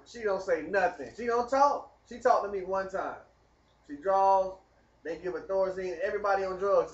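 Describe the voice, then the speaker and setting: A man telling a rambling personal story in casual, animated talk. He speaks straight to the viewer and keeps asking whether they follow. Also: sits high, normal speed, highs cut off. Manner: animated, talks straight to the viewer, keeps asking "you know what I mean". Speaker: vlogger telling his story.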